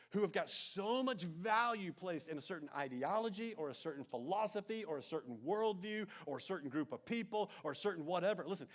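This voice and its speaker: A man preaching a sermon as pastor, telling a story with animated emphasis and then dropping into soft, intense asides. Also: sits high. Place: church sanctuary.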